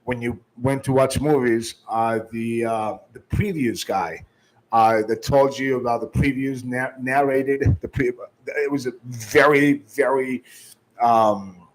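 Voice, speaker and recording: A man's voice: mid-range voice, slow pace, rough recording. A man giving sales training, emphatic, restarting often and shifting his tone and volume to demonstrate.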